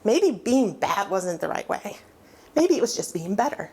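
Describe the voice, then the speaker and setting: A woman's voice: mid-range voice, very animated, moderate pace, dark tone, slight background noise. A woman in her forties giving a personal testimony, candid and self-mocking as she tells her story. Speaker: recovery testimony speaker.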